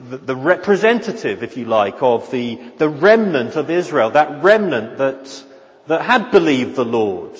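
A man preaching an expository sermon, slow and earnest, often repeating words as he searches for the next phrase. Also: fairly high pitch. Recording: dull audio with long hall reverb.

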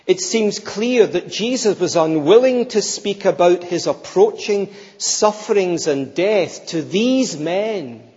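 A man's voice: fairly high pitch, darkish tone. A man preaching a sermon, emphatic and rhetorical, repeating key phrases for weight. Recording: long reverb, slightly dull sound.

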